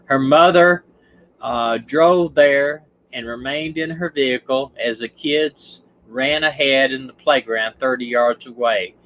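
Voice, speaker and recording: Slow and mid-range, with a bit of brightness, a Southern-accented retired detective casually works through a case on a livestream. His delivery rambles, with restarted sentences and stumbled words, and the recording quality is low.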